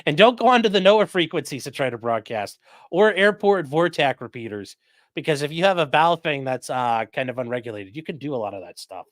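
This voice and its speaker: A man's voice: fairly high pitch, expressive, a little fast, fairly bright tone, dry recording, studio quality. A man hosting a casual livestream, chatting loosely and reading viewer comments aloud. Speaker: livestream host reading chat.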